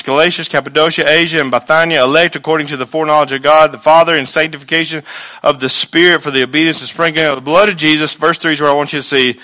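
This pastor's voice sits a little high. He preaches animatedly, dramatizing the voices he quotes and moving between loud outbursts and quiet asides.

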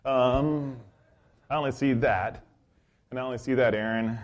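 A man's voice: medium pitch, fairly even intonation, a little slow. Male pastor, sermon delivery, loose storytelling full of ums and restarts. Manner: rambling storytelling with fillers.

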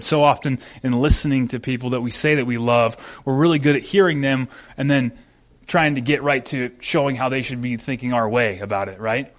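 A man in his thirties giving a sermon as pastor, telling a personal story with candid, self-deprecating humor. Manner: rises loud and high when acting out quotes.

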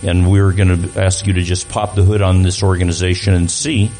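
Man, lowish voice, guest speaker in church, conversational, restarts sentences, faint music and hum behind. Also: little pitch movement, brisk, dark tone, low-quality recording. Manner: conversational, repeats words while restarting. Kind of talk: church talk to a congregation.

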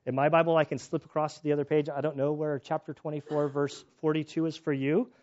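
Pastor, male, lively storytelling sermon, slightly high voice, dull recording. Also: fast. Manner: animated, acts out quoted voices, self-interrupting restarts. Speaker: pastor and chaplain.

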